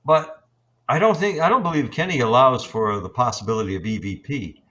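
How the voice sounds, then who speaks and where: A man in his sixties, a paranormal investigator, telling his experiences in a halting, reflective way with many fillers and restarts. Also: mid-range voice, expressive, pushed and bright, dull audio. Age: 60s. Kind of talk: storytelling in an interview.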